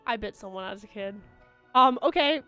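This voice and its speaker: A woman's voice: on the high side, animated, normal speed, pushed and bright, faint music behind. A young woman streamer chatting casually with her viewers, rambling with lots of fillers and restarts. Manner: baby-talk to her dog.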